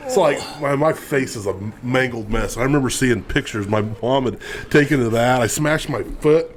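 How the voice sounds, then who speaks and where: A man's voice: medium pitch, normal speed, a crowd in the background. A man co-hosting a podcast, telling a childhood story in casual chat. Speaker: podcast co-host.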